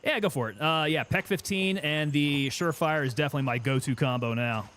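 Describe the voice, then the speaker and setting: A game streamer talks his way through a tactical shooter in casual, joking commentary. His voice sits slightly high for a man, and a faint hiss lies under it. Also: fairly quick, fairly bright tone. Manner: chatty, joking, self-amused.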